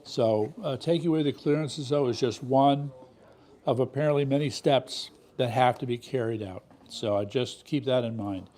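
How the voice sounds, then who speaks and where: A man's voice: mid-range voice, normal speed, warm tone. A man hosting a political commentary show, talking in an indignant, emphatic way full of rhetorical questions. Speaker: show host.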